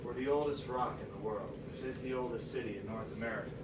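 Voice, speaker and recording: A man's voice: mid-range voice, fairly even intonation, fast talker. A man with a Newfoundland accent, hosting a comic screech-in ceremony and drilling a group through local phrases in a playful, teasing way. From Newfoundland, Canada. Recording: echoey room, distant mic, loud background noise.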